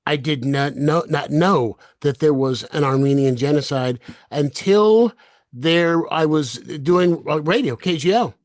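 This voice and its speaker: A man hosting a podcast roundtable who asks probing questions, often halting and restarting mid-thought. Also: a little high, no echo, clean studio sound. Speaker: podcast host. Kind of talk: casual roundtable chat.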